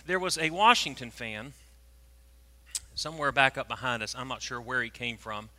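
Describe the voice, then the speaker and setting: A preacher, telling a story in a sermon and swinging from hushed tones to loud, animated moments. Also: male voice, mid-range voice, moderate pace. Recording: long reverb of a large hall.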